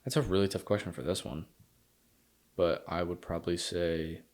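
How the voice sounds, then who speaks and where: A man co-hosting a podcast, reviewing films in casual chat and retelling scenes with lively quoted lines. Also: low voice, normal speed. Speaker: podcast co-host.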